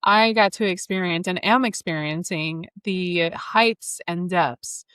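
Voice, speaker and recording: With a slow delivery and a low, fairly bright, smooth voice, a woman in her thirties hosts an astrology reading with no room sound. An astrologer and podcast host, she keeps the casual spiritual conversation enthusiastic and flowing, rich in spiritual wording.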